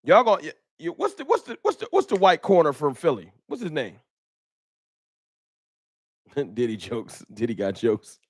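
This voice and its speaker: A man's voice: mid-range voice, normal speed, pauses often, slightly rough, dry recording. A man hosting a casual fan talk livestream, emphatic and slangy, repeating himself as he argues his points into a close mic. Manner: animated, emphatic, repetitive, slangy. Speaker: host.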